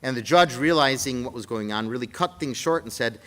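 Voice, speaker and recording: A man addresses a panel audience with a bright, ringing voice at a middling pitch. He recounts courtroom episodes in a measured way and often pauses on fillers. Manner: measured, fond of quoting, frequent uh fillers. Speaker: defense counsel panelist. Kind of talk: panel talk with courtroom anecdotes.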